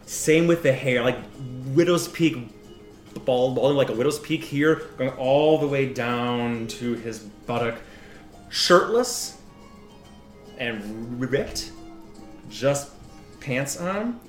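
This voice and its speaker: A man narrating as game master in an animated, rambling way. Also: medium pitch, slow, pauses often, roomy sound, faint music behind. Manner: animated, rambling, with frequent laughs and restarts.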